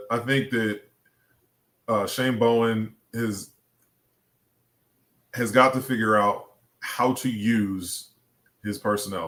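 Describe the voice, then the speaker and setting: A man talking as a podcast guest, laying out his points one by one in a measured way. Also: mid-range voice, fairly bright tone. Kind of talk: casual sports talk.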